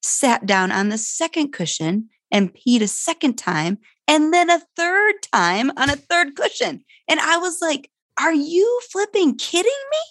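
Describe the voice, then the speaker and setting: A woman's voice: high voice, a little slow, few pauses, no echo. Candid middle-aged woman telling a story. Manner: candid, animated, rising sharply when excited. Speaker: guest, foster mother. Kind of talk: personal storytelling.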